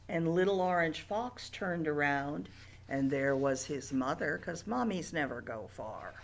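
Woman librarian for toddler story time, slow sing-song rhymes, swooping lively delivery, a bit lower voice. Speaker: children's librarian. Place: library, alone on camera.

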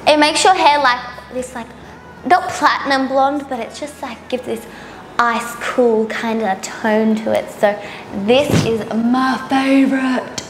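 A woman's voice: high-pitched, unhurried, background noise. A tired young woman chatting casually through a hair tutorial in a salon, rambling and poking fun at herself. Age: young adult. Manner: chatty, self-mocking, giggly, rambling. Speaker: beauty vlogger. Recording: roomy salon with music underneath.

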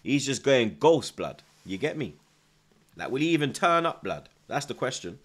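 A man's voice: medium pitch, big pitch swings, normal speed, fairly bright tone. A young man, chatting casually on a live football stream, reading out viewer comments, nervous but hyped. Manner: slangy, repeats himself, reads out chat, nervous yet hyped.

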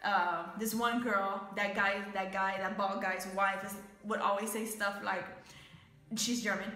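A woman's voice: medium pitch, steady tone, normal speed, sharp tone, echoey room. Fired-up profane American woman venting. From United States. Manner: angry, profane storytelling. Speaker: vlogger. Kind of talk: casual venting to camera.

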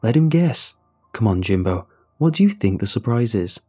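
A man voicing a proud, eager inventor father, coaxing and a bit raised in pitch. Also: very animated, normal speed, mellow, slightly rough, faint music behind.

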